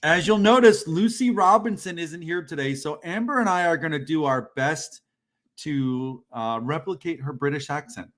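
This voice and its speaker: A man co-hosting a live job-search show with a slightly higher-than-usual voice. He talks in a loose, casual way and stays blunt and direct, giving advice straight without softening it. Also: normal speed. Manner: blunt, direct, self-described band-aid ripper. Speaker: co-host of a military job-search livestream. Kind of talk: casual livestream talk.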